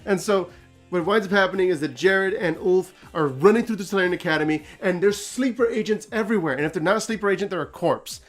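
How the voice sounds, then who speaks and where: A man's voice: high-pitched, fast talker, soft background music. A man hosting a casual story recap, talking animatedly, laughing often and acting out quotes. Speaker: host.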